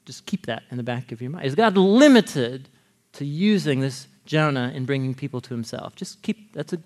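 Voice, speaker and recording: A male preacher teaching a Bible story in a lively way, laughing often and acting out the characters' lines. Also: mid-range voice, normal speed. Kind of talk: animated sermon teaching.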